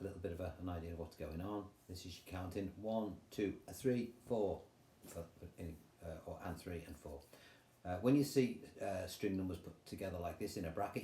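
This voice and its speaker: An older man with an English accent, teaching guitar in a chatty, relaxed way and counting rhythms aloud. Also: sits low. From England. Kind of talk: casual guitar tutorial. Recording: roomy sound with guitar playing.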